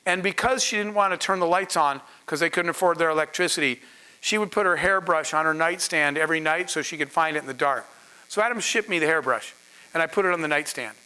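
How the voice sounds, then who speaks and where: A man's voice: fairly high pitch, fast talker, bright, forceful tone, clear, resonant tone. A man, a startup founder, telling a story to an audience in an earnest, conversational way with asides to the crowd. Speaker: startup founder speaking on a panel.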